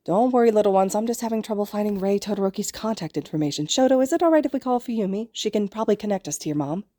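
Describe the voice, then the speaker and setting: A woman's voice: medium pitch, lively intonation, fast talker, mellow, close to an everyday voice. A woman voicing a cheerful adult male hero teacher in a storybook reading, friendly and reassuring.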